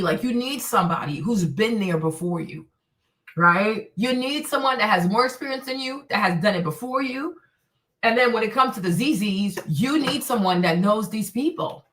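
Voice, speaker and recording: A woman hosting her own stream, talking in an animated, blunt way with plenty of profanity and repetition. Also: on the high side, normal speed. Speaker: show host. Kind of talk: livestream commentary rant. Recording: echoey room, distant from mic.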